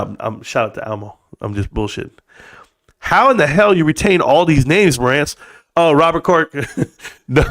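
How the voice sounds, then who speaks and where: Man, high voice, live stream host, casual, rambling, joking, profane. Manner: addresses viewers as bro.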